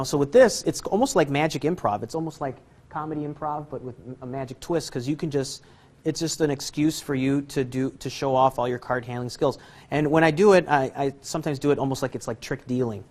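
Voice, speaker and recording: A magic instructor with a medium-pitched, slightly mellow voice gives a casual card-trick tutorial. He rambles and jokes at his own expense, chuckling often as he demonstrates.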